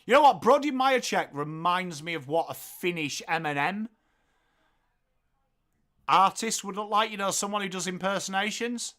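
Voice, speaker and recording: An English man hosting a live football watchalong, calling the play and joking with chat viewers in an excitable, playful way. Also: high-pitched, moderate pace. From England. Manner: excitable, jokey, bursts into loud calls of the play. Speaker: watchalong host.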